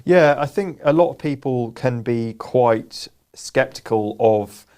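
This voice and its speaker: A man's voice: medium pitch, takes it slowly, a little mellow, clear, resonant tone. A man co-hosting a business live show, explaining earnestly and often restarting his words. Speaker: co-host. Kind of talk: casual business chat.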